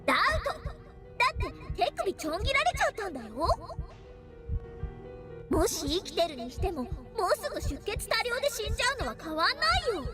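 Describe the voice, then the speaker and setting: A taunting figure in a video game with a very high, squeaky voice. She talks very fast and mockingly, with a lot of pitch movement. Game music plays behind her. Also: very animated. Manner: mocking, rapid. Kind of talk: game voice acting.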